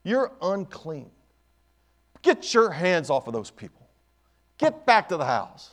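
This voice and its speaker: A man acting out the devil as a sly, scornful male tempter, speaking in slow, drawn-out accusations. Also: high voice, sing-song, a bit bright, heavily acted. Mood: accusing.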